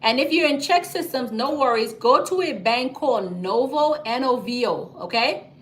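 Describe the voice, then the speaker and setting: A woman hosts a casual livestream, talking straight to her viewers. Her voice sits a little high, and she speaks emphatically, often checking in with "okay?" and "y'all.". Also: normal speed, faint music behind. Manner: chatty and emphatic, frequent "okay?" and "y'all", animated storytelling. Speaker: livestream host, business credit coach. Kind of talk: casual livestream talk reading viewer comments.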